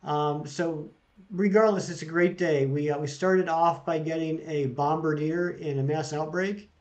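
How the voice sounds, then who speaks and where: A man's voice: a little high, steady tone, measured pace. A man running a casual live stream, reading out jokes from chat and greeting viewers by name as he plays.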